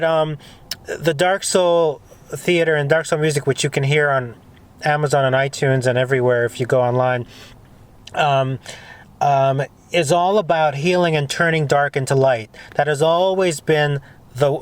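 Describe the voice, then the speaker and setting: A man hosts a casual conversation, talking in an earnest, rambling way with plenty of emphasis. His voice sits fairly high for a man. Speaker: host.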